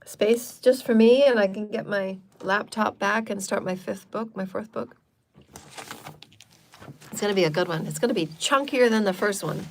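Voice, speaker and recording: A woman's voice: mid-range voice, a little hiss or hum. Woman channeling a spiritual livestream talk. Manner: repetitive, chant-like affirmations; chatty and loose, with frequent fillers.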